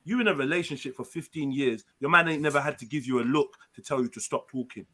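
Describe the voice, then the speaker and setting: Bright, forceful man panelist, emphatic. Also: medium pitch, fast. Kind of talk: casual group chat.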